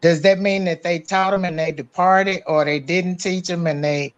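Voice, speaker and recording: Woman speaking in a measured, preacherly way. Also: on the low side, fairly even intonation, muffled recording. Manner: measured and preacherly, with rhetorical questions. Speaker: guest on a talk stream. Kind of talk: preaching-style talk.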